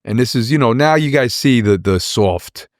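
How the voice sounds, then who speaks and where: A man's voice: mid-range voice, lively intonation, normal speed, dry recording, clean studio sound. A man in his forties, a rapper guest telling rambling personal stories in a casual interview, repeating words and acting out what people said.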